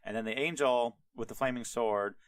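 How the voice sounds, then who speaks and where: A man's voice: medium pitch, moderate pace, clear, resonant tone, no room sound. A man, a podcast host, retelling a story casually, rambling with lots of fillers and swearing. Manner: rambling, filler-heavy, profane.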